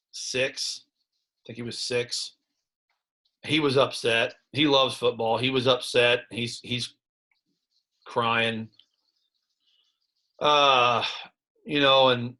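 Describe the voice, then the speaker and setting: A man in his thirties with a Midwestern American accent, a high school head football coach, reflecting candidly in an interview with many restarts and fillers. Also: pushed and bright.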